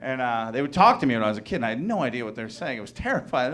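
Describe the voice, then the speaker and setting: A man's voice: medium pitch, very animated, racing, fairly bright tone. A man from Wisconsin doing a stand-up comedy set on a club stage, rambling and chuckling at his own jokes as he slips into mock voices.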